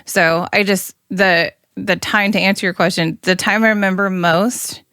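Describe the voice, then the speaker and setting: Female guest, bright tone, dry close mic, earnest storyteller. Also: medium pitch, moderate pace, clean tone, no echo. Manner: earnest, animated retelling with quoted dialogue. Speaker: guest, former law enforcement. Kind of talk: conversational interview, personal storytelling.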